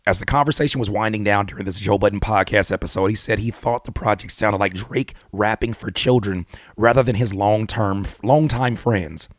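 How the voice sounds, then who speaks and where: A man hosting his own channel, giving blunt, animated hip-hop commentary full of rhetorical questions and casual swearing. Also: on the low side, normal speed, no echo, studio quality. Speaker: YouTube host and rapper. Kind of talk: opinionated music commentary.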